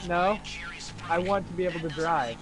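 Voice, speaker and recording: A man's voice: fairly high pitch, moderate pace, over music. A young man in casual group voice chat while gaming, laughing and poking at the others.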